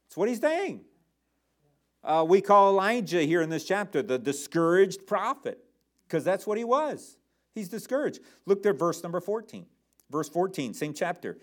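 A man's voice: a little high, big pitch swings, normal speed. A male pastor preaching a sermon, emphatic and addressing the congregation with rhetorical questions.

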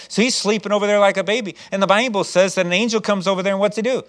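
Male pastor, sermon delivery, somewhat high-pitched voice, animated storytelling. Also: very fast, hardly any pauses.

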